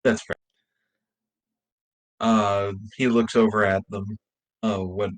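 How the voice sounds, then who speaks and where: A man's voice: fairly low pitch, little pitch movement, slow, low-quality recording. A man playing a tabletop game, making offhand remarks about his character. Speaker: player. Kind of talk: casual tabletop game chat.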